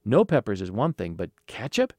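Man voicing a gruff, growly street vendor, stubborn, raised pitch, swings up and down, dry close sound. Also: wildly swooping pitch, moderate pace, warm tone, no room sound, heavily acted. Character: gruff middle-aged male hot dog vendor, stubborn.

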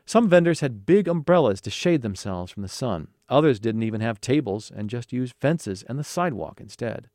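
Male storybook narrator, animated, very lively pitch, dry close sound. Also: normal speed, hardly any pauses, no room sound. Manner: expressive, animated. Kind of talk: storybook reading.

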